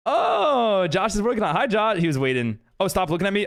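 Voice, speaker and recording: A man's voice: sits high, sing-song, a little fast. A man streaming a game live, chatting casually with viewers and friends and reading chat aloud, laughing often.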